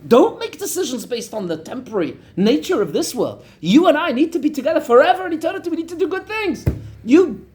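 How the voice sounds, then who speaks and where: A man's voice: extremely high pitch, very animated, fast talker, a little mellow, voice pushed up. A man voicing an earnest, insistent devout wife in a story he tells, middle-aged woman. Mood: urgent pleading.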